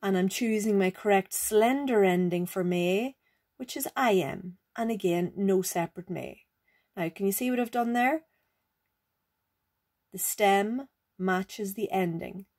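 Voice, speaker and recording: An Irish language teacher, a woman, patiently explains grammar rules, repeating them and checking in with "right?" and "okay?". Her voice is medium-pitched, unhurried, and a little mellow.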